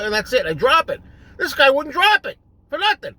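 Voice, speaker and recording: High, bright-voiced man ranting. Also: huge pitch swings, normal speed. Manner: exasperated, repetitive, building to shouting. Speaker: rant video host. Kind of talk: angry solo rant.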